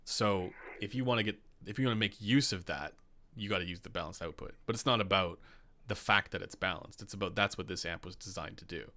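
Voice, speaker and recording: A man's voice: sits low, brisk, few pauses, bright, forceful tone. A young Canadian man with a Canadian accent hosting a casual live stream, chatty with lots of fillers and laughs. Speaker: podcast host.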